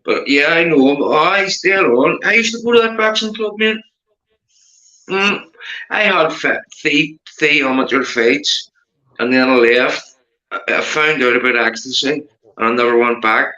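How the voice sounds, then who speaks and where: In a dull-sounding recording from an echoey room, a livestream host from Northern Ireland chats casually at normal speed. His Belfast accent is clear, he calls everyone mate, and his voice rises in pitch when he gets animated.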